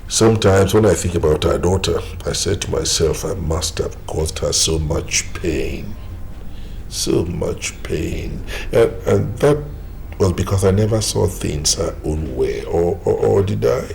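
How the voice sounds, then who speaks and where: An actor with a Nigerian accent playing an ailing older father with a weak heart, speaking slowly and reflectively. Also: sits low, expressive, creaky, a little mellow, slight background noise. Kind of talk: film drama acting.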